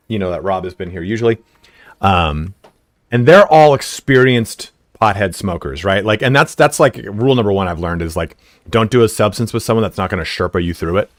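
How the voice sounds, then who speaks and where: Low-voiced rambling man streaming a game. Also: a little fast, no room sound, clean studio sound. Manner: rambling, filler-heavy, swears, laughs often. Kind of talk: casual storytelling while gaming live.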